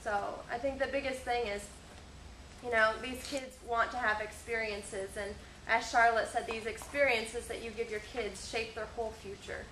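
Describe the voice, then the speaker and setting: A woman's voice: fairly high pitch, steady tone, moderate pace, a bit bright. A woman presenter giving encouraging closing remarks at a seminar, with some fillers. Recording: echoey room with faint noise.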